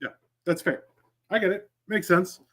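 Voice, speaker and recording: A man from Canada co-hosting a casual show, teasing and trailing off into quiet asides. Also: sits high, moderate pace. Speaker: cooking show co-host. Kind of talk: casual banter.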